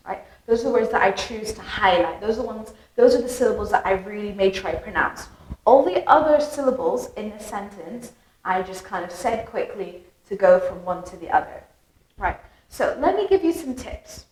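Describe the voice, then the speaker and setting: Bright-voiced British woman teaching English. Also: fairly high pitch, echoey room, slight background noise, poor audio. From Britain. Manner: melodic, exaggerated stress on key words. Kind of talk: lively explanatory lesson.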